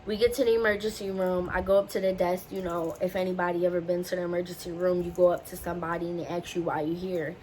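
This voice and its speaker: A young female vlogger shares a personal story with her audience, chatty and animated, acting out what others said by imitating their voices. She talks fast with few pauses in a voice on the low side. The recording is low quality, and a faint hum runs beneath her.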